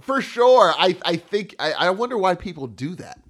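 A man's voice: high voice, big pitch swings, moderate pace, fairly bright tone. A man co-hosting a podcast in casual, playful banter, easily amused. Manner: playful, amused, repeats phrases. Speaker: podcast co-host.

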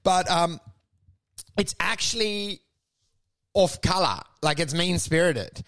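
Casting: high, gravelly man, dry close sound, animated comic banter. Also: slow, no room sound. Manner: animated storytelling with put-on voices and swearing. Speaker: podcast co-host. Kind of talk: casual comedic chat.

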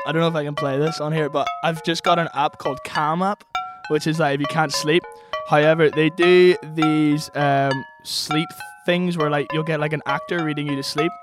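A man's voice: fairly high pitch, fairly even intonation, moderate pace. Young northern irish guy telling stories, jokey, laughs a lot, guitar music in the background. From Northern Ireland. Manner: chatty, laughs often, self-mocking. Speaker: singer-songwriter guest. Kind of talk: casual chat. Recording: music playing behind the voice.

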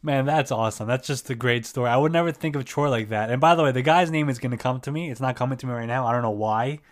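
A man's voice: mid-range voice, quick pace. Easygoing male sports interviewer. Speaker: interview host.

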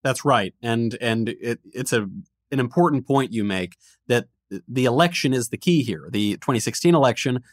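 A man's voice: medium pitch, lively intonation, moderate pace, no echo. Joking male podcast host, dry mic. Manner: chatty, joking, hesitant fillers. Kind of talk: hosted interview.

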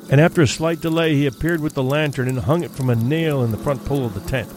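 Male narrator, ghost story audiobook, measured steady delivery, mid pitch, faint music behind.

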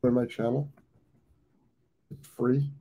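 A fifty-something American man hosts a live stream, talking off the cuff. His voice is gravelly and dark, and he loops back over his phrases with plenty of ums. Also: mid-range voice, level tone, takes it slowly. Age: 50s. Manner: rambling, repeats phrases, frequent ums. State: has the hiccups. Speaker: dog training show host. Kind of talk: casual live-stream talk.

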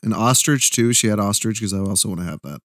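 A man's voice: lowish voice, fast talker, a bit bright. Giggly stammering man. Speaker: podcast co-host. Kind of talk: casual chat.

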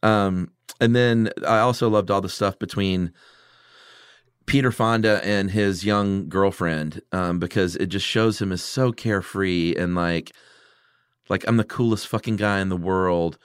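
A man with a low, smooth, resonant voice talks films in relaxed podcast chat. He quotes his favorite lines eagerly and swears casually. The sound is close and dry. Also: measured pace, no echo. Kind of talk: casual film discussion.

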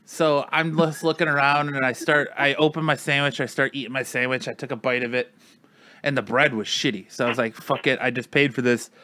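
A man's voice: medium pitch, fairly even intonation, brisk, pushed and bright, dry recording. A man in casual chat with friends, telling a long story in a rambling way, full of "like" and acted-out quotes.

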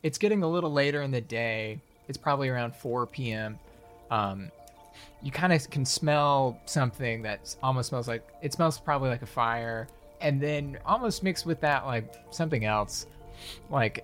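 A man's voice: medium pitch, fairly bright tone. A man narrating a fantasy scene as game master, in loose, rambling speech full of fillers.

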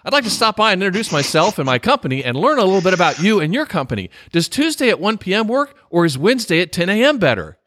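A man voicing a cheesy male sales caller who reads a canned pitch in a booming announcer voice. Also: big pitch swings, fast talker, hardly any pauses, fairly bright tone, no room sound, studio quality. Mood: salesy.

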